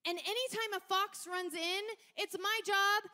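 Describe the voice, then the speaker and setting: A woman with a very high voice delivers a sermon. She tells stories in an animated, lively way and now and then breaks into shouted lines. She sounds like a young adult. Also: unhurried. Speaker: preacher.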